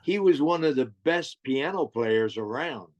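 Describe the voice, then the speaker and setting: A man's voice: mid-range voice, expressive, measured pace, lo-fi sound. An older man from New Jersey, a guest musician telling stories in a casual interview, eager and often restarting his sentences with stammers.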